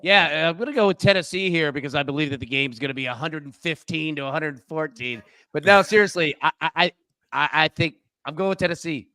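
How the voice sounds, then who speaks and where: High, bright Southern-accented co-host. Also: male voice, fast talker, dry recording. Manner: stammering, jokey. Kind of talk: sports betting banter.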